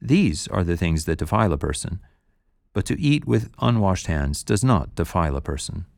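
Male reader voicing a stern teaching figure, gravelly, dry booth sound, scripture reading. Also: sits low, very animated, moderate pace, a little mellow, dry recording, heavily acted. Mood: solemn. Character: male teacher rebuking and consoling, authoritative.

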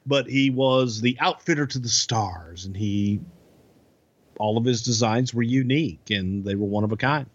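A man who is a guest on a podcast, talking bluntly in a gruff, casual way and swearing freely. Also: mid-range voice, moderate pace, lo-fi sound.

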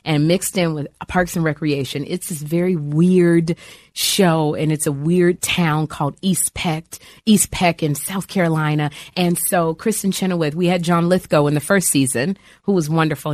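A woman's voice: sits low, normal speed, dry recording, clean studio sound. A middle-aged woman, an actress and comic, chatting in an interview and acting out the voices in her stories. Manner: animated storyteller, acts out quoted voices. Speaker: actress and comedian guest. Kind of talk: lively interview chat.

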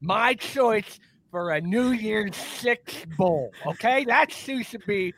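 A man doing an impression of an excitable older male football coach, drawing out his words with emphasis. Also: high-pitched, dry recording, voice pushed up, full character voice. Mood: emphatic. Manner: slow, emphatic, drawn-out delivery.

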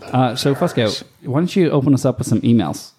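A man's voice: mid-range voice, animated, a little fast, dark tone, slightly rough. A man co-hosting a casual podcast, laughing often as he reads listener emails aloud. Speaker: podcast co-host. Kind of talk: casual chat.

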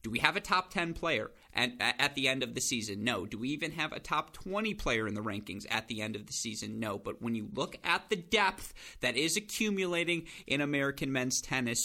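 A young man hosting a casual podcast chat, an animated storyteller. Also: mid-range voice. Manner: animated storyteller, acts out quoted voices. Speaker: podcast host.

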